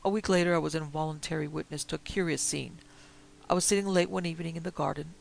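Gravelly male audiobook narrator. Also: fairly high pitch, fairly even intonation, quick pace, a little hiss or hum, low-quality recording. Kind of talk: reading a Victorian story aloud.

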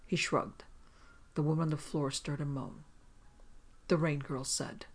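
A reader narrating a pulp detective story in an even, plain reading. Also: mid-range voice, measured pace, pauses often, slightly rough. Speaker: audiobook reader.

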